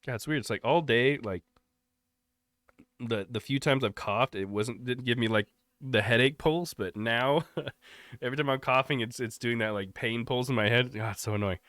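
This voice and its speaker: A man's voice: medium pitch, moderate pace, no echo, clean studio sound. Congested young man streamer, nasal. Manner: relaxed, rambling, thankful. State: congested and coughing. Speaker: live streamer. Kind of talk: casual chat with chat.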